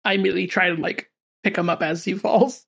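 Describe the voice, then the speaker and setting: A woman's voice: fairly low pitch, fast talker, gravelly, breathy edge. A woman playing a tabletop game who describes her character's actions hesitantly, often stumbling over her words. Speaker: player. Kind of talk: casual tabletop play.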